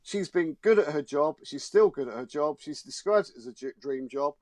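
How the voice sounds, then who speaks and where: A man's voice: on the high side, lively intonation, moderate pace, darkish tone, dry recording. A man, a showbiz journalist guest, arguing his point emphatically and indignantly in a studio discussion. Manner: emphatic, indignant, repeats words.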